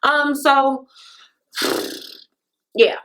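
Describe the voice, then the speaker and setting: A woman vlogger giving a blunt, profane, animated rant while recapping a reality TV episode and acting out what the people said. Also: sits high, extremely slow, low-quality recording. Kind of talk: casual ranting recap.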